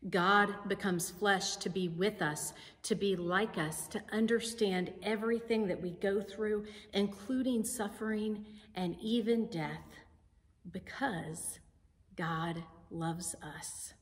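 Slow, deliberate woman preaching in a church. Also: mid-range voice. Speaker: pastor. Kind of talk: sermon. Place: church sanctuary. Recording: sanctuary with long reverb.

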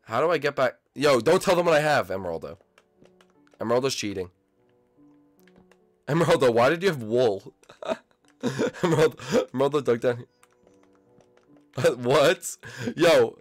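A young man hosting a gaming channel, excitedly commentating his own gameplay and calling out to other players and viewers. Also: medium pitch, moderate pace, pauses often, soft background music.

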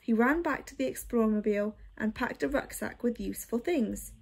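A woman reading a children's story aloud in a measured, expressive way. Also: on the high side, gravelly, husky.

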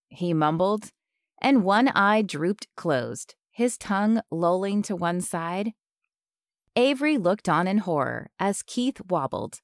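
A woman narrating an audiobook in a measured, even way. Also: fairly low pitch, no echo, clean studio sound. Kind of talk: scripted narration.

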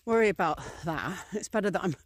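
A woman's voice: lowish voice, animated, fast talker, slightly rough, dry recording. Woman vlogger, loose rambling chat to camera, lots of ums, acts out little scenes. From England. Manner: chatty and rambling, many fillers, voices little acted scenes. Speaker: priestess and vlogger. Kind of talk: casual talk to camera.

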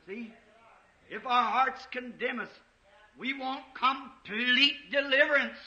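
A man preaching an impassioned revival sermon in a church, rising to shouts at the peaks. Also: very high voice, fairly even intonation, slow pace. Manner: impassioned, shouting at peaks, old-time Southern US preaching cadence. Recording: echoey church, dull 1950s tape.

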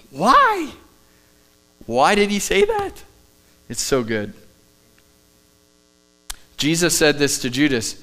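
A man delivers a live church sermon as pastor, his voice smooth and a touch higher than most men's. He preaches with emphasis, then drops to soft, quiet asides. A faint electrical hum sits under the recording. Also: sing-song, unhurried, long pauses. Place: church sanctuary, live service.

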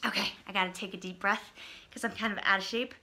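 A woman leading a toddler story time, reading an interactive book aloud and singing simple songs while coaxing the children to join in. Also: medium pitch. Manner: bright, slow and animated, singing and coaxing small children. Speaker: children's librarian.

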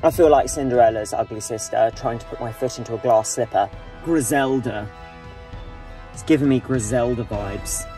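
A man's voice: mid-range voice, normal speed, warm tone, faint music behind. A young man vlogging in a camp, sarcastic, jokey way. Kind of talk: casual comedic vlog.

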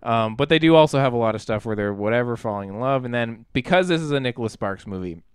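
A man's voice: medium pitch, expressive, fast talker, smooth, dry recording. A man co-hosting a casual podcast, retelling a film in a rambling, incredulous way, full of "like" and restarts. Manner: rambling, heavy use of "like" and restarts. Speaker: podcast co-host reviewing a film. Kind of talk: casual chat.

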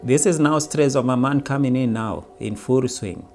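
A man's voice: mid-range voice, moderate pace, darkish tone, soft background music. A man giving a motivational talk, telling it as a story and briefly acting out everyday lines. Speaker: self-help speaker. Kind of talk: motivational monologue.

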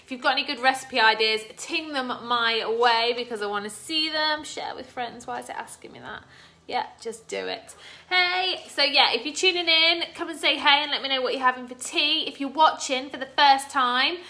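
This cooking livestream host is a middle-aged woman streaming casually from her own kitchen, where she chats, welcomes viewers by name, and makes jokes at her own expense. She speaks at a normal speed in a high-pitched, sharp tone, with children's game sounds faintly audible behind her.

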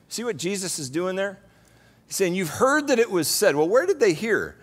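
A man giving a lively Bible lesson as a Sunday school teacher, moving between hushed scripture reading and excited, shouted exclamations. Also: sits high, normal speed. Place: church hall. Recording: long hall reverb.

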